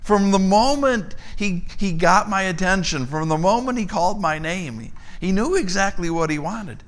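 Animated male preacher telling a story. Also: moderate pace. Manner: animated storyteller, acts out dialogue with rising pitch. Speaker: pastor. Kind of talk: sermon with storytelling.

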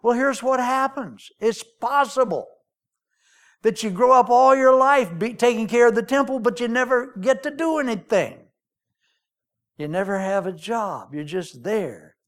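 Slow, folksy preaching man. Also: extremely high pitch, lively intonation. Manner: storytelling, folksy, jokey. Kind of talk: sermon.

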